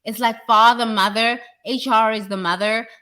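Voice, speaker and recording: A woman's voice: fairly high pitch, fairly even intonation, moderate pace, sharp tone. A woman giving a blunt, preachy motivational talk about work and responsibility, swearing freely. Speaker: leadership speaker.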